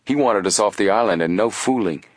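A man's voice: lowish voice, brisk, no room sound, lightly acted. A man voicing an earnest, level-headed teenage boy detective in an audiobook. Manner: earnest, reasoning.

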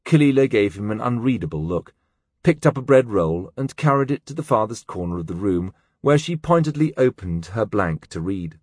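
A man narrating a novel as an audiobook, in an expressive, measured storytelling manner. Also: on the low side, husky, no echo, studio quality. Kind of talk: scripted narration.

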